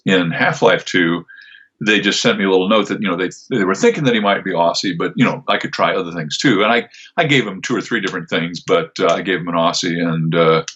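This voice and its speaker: Older male voice actor, deep and husky, rambling easy talker. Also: brisk, a bit bright, dull audio. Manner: rambling, many fillers and restarts. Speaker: voice actor, guest. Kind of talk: casual interview answers.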